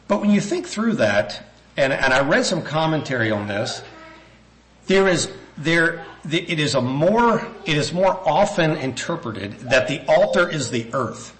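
A man's voice: a little high, fairly bright tone, rough recording. A man preaching a sermon, reading scripture passages aloud and thinking aloud with restarts and asides.

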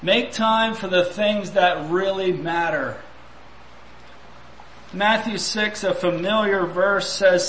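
A man's voice: high-pitched, takes it slowly, fairly bright tone, roomy sound, a little hiss or hum, rough recording. A man preaching a sermon, reflective and full of rhetorical questions.

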